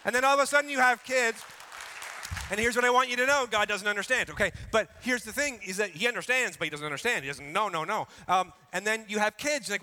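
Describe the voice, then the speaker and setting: Bright high-voiced male pastor preaching. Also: big-room sound, some chatter behind. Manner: animated, acting out excuses with rapid repetitions. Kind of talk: sermon.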